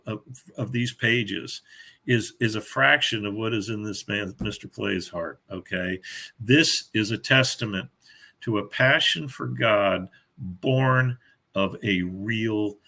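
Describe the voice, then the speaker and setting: A man's voice: fairly low pitch, vocal fry, bright, forceful tone. An older man, a guest author, chatting casually and telling stories with frequent laughter. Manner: chatty storyteller, laughs often. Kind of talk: casual chat.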